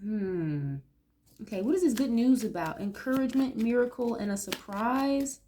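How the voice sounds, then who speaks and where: Young woman hosting a tarot reading, a bit high-pitched, blunt and profane, reacts aloud to each card. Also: expressive, normal speed, dark tone, a little hiss or hum. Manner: blunt, swears freely, reacts aloud to the cards. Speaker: tarot reader. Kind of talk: casual card-reading commentary.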